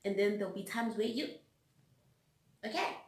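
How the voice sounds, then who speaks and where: A young South African woman giving casual, frank advice to her viewers, animated and direct, acting out her own outbursts. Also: medium pitch, moderate pace. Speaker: vlogger. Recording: roomy echo.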